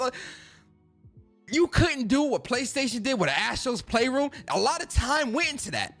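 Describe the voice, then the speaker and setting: Guy ranting on his gaming stream, swearing, voice jumps all over, kinda high, faint music behind. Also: normal speed. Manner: animated, profane, repeats phrases for emphasis. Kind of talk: casual live-stream rant.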